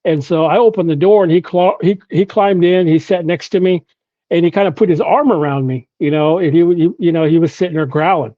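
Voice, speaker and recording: Guest from Oklahoma telling a story. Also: male voice, on the high side, fairly quick, dark tone, no echo, muffled recording. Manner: storytelling with frequent "you know" and restarts. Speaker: podcast guest.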